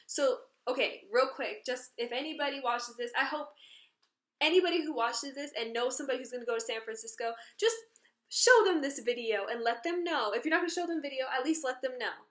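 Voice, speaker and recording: A woman's voice: high voice, a little fast. Indignant woman vlogger, roomy echo. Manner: indignant, animated storytelling. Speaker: vlogger telling a story. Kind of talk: casual story time.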